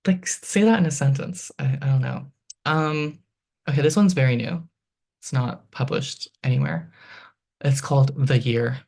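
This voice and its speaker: A poet in their thirties reading their own poems in a halting, list-like rhythm, with chatty asides full of ums between poems. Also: mid-range voice, vocal fry, a little mellow. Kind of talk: poetry reading.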